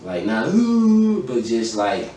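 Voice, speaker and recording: This podcast host, a young adult man, has a fairly low voice, moderate pace, and fairly even intonation. He tells his own story casually, profanely, and emphatically, acting out the quoted dialogue. The room is very echoey, the mic sits far away, and faint noise is present.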